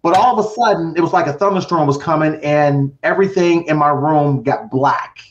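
A man's voice: on the high side, fairly quick, a little hiss or hum. A middle-aged man telling his personal story with drama as a podcast guest, acting out voices and counting down. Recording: roomy, dull lo-fi sound.

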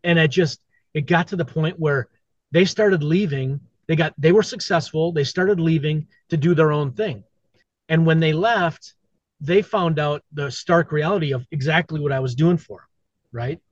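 A man's voice: a little high, moderate pace, dry recording. A middle-aged man, a podcast guest, talking candidly and bluntly in casual conversation, swearing and repeating himself. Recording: dull lo-fi sound, dry.

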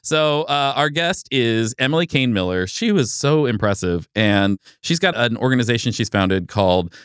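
A man's voice: mid-range voice, expressive, normal speed, fairly bright tone, clean tone, no room sound. A man hosting a podcast in casual banter, joking and self-mocking into a close mic. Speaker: podcast host.

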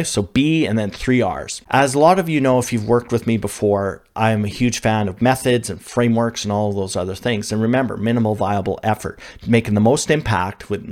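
A man's voice: lowish voice, darkish tone. A male leadership coach giving an instructional talk, conversational with frequent fillers and self-corrections.

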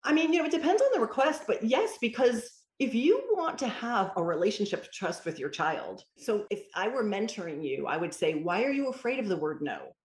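A woman who mentors parents answers interview questions in an emphatic, storytelling style, quoting dialogue as she goes. Her voice sits a little high and is expressive, and she talks briskly with hardly any pauses. The recording has a roomy echo.

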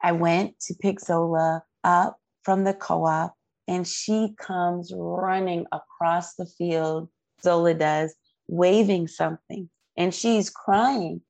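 A woman with a low, gravelly voice tells an earnest, heartfelt story as an interview guest. Her voice is close and dry, with no room around it. She talks at length with real feeling. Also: steady tone, slow pace, darkish tone, no echo. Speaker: guest parent.

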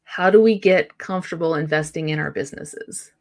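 A woman's voice: low voice, fairly quick. A woman hosting a podcast, chatting casually and affirming her guest. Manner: conversational, affirming with short backchannels. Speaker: podcast host.

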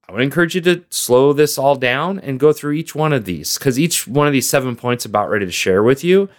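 A man talks straight to his listeners in a solo motivational podcast, coaching them like a business mentor. His pitch sits in the middle but moves a lot, rising and falling as he leans on key words. The delivery is earnest and direct.

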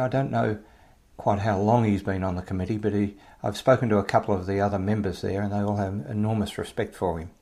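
Australian male host, chatty and relaxed, lowish voice. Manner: chatty, relaxed, talks straight to listeners. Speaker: podcast host and interviewer. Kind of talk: casual introduction and interview.

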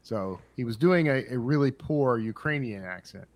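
A man's voice: medium pitch, expressive, normal speed, a little mellow. A man co-hosting a podcast, sharing movie trivia in casual chat with a dry, teasing sense of humor. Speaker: podcast co-host.

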